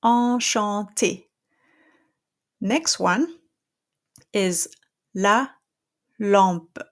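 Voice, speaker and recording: A woman's voice: mid-range voice, measured pace. A woman with a French accent, a French teacher giving a patient pronunciation lesson who checks in often with "okay?".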